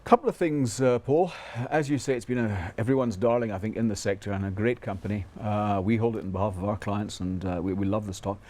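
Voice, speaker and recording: A man appearing as a fund manager guest in a TV interview, answering quickly and hesitantly with many fillers. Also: on the low side, warm tone.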